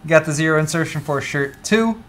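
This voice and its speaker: A man's voice: on the high side, expressive, a little fast, a bit bright. A man co-hosting a live tech show, chatting casually, thanking viewers and stumbling over names. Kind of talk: casual live-stream chat.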